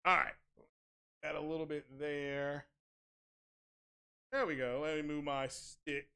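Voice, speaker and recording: A man's voice: on the high side, little pitch movement, takes it slowly, vocal fry, pushed and bright, smooth. A man hosting a tech channel, ranting casually with sarcastic, mock-outraged exaggeration and crude, blunt language. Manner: crude, blunt street talk. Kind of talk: casual streamed rant.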